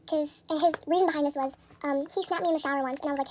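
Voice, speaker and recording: A young woman telling a casual storytime in a soft, subdued way, full of "like". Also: sits high, fairly even intonation, a little hiss or hum. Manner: rambling, fills every pause with "like".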